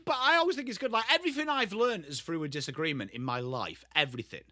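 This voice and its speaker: Lively, bright-voiced English streamer. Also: male voice, on the high side, fast, no echo, clean studio sound. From England. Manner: chatty, blunt, replies to viewers by name between play calls. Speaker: livestream host. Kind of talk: live football watchalong chat.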